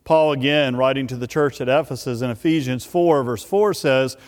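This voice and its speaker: A man preaching a sermon, speaking emphatically and repeating key words with drawn-out pauses. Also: mid-range voice. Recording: long reverb of a large hall.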